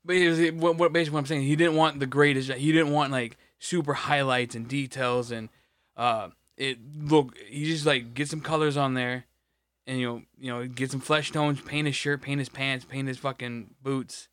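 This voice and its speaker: A man's voice: mid-range voice, fairly even intonation, normal speed, a bit bright, dry recording. Man, podcast co-host, casual rambling chat, lots of swearing, dry sound. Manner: rambling, profane, many restarts.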